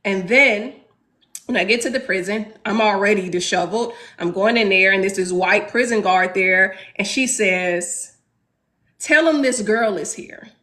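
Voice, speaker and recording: Woman in her thirties, from Chicago, bright ringing voice, earnest classroom storyteller, rhetorical questions. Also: mid-range voice, moderate pace. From South Side of Chicago. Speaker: teacher leading a class discussion. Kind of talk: personal story told to a class.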